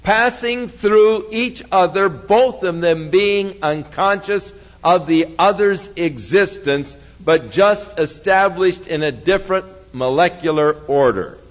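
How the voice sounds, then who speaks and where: A man preaching slowly and earnestly, explaining a story to a congregation. His voice sits slightly high. It comes through a dull, lo-fi recording in a church with a long reverb. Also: animated. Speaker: pastor. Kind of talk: sermon.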